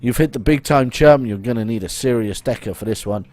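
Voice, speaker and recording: A man's voice: mid-range voice, a little fast, a little mellow, natural voice. A man voicing a street-wise male fixer in his own plain voice, with no accent. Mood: blunt.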